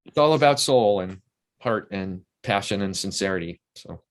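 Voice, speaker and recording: A man's voice: fairly low pitch, animated, normal speed. An older man, a guest in a casual interview, telling long, enthusiastic anecdotes full of restarts.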